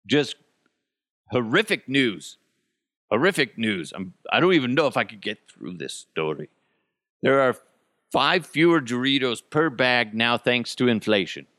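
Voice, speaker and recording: A man's voice: mid-range voice, moderate pace, dry recording, studio quality. A man hosting a podcast, ranting in a profane, mocking, comedic way. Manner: swears constantly, animated and mocking. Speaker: podcast host.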